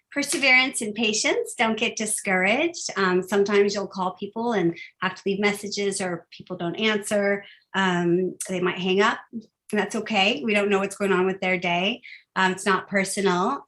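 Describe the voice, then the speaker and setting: A woman's voice: medium pitch, a bit bright. Upbeat chatty woman trainer. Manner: upbeat, chatty, many fillers. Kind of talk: casual training talk.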